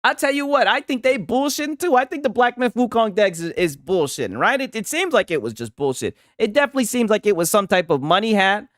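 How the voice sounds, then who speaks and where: A man's voice: high-pitched, big pitch swings, fast talker, hardly any pauses, a bit bright, dry recording, clean studio sound. A man doing casual gaming reaction commentary, profane and mocking, who keeps asking "right?".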